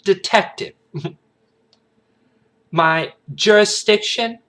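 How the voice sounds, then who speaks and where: A man's voice: high voice, very slow, pushed and bright, pitched above the performer's own voice, exaggerated voice. A man imitating a sassy Southern woman federal agent from a film, with an American Southern accent and a drawled, sassy delivery.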